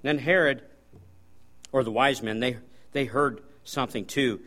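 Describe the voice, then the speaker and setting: A man preaching as a guest preacher, folksy storytelling with sudden loud bursts. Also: medium pitch, a little slow. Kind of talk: sermon.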